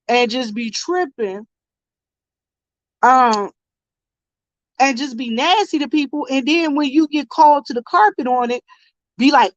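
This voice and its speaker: A woman telling an animated story on a live stream and greeting her chat viewers as she goes. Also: sits high, no echo, highs cut off. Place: convenience store.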